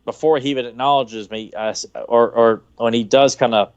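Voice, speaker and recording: A man's voice: mid-range voice, fairly even intonation, moderate pace, smooth, no room sound, lo-fi sound. A man on a podcast telling a long, rambling anecdote in casual chat, with frequent restarts. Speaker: podcast co-host.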